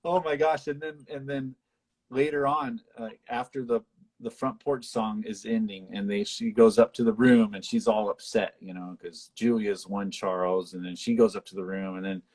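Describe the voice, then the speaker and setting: Male co-host, husky and a bit low, casual animated film chat with playful character quotes. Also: moderate pace. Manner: animated retelling, acts out lines in high voices. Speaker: podcast co-host.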